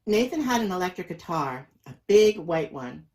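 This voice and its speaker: A man reading a children's picture book aloud in a lively, expressive storytelling voice. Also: high-pitched, moderate pace, rough recording. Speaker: storybook reader.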